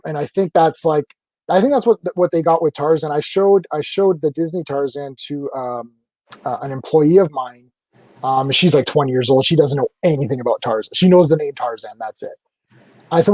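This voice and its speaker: A man's voice: a little high, brisk, warm tone, no room sound. A man hosting an interview, chatting casually, enthusiastic and rambling, with lots of fillers. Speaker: host.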